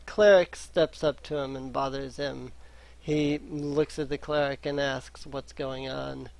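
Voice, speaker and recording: A man's voice: a little high, a little mellow, poor audio. A man narrating a tabletop game as game master, hesitant and full of fillers.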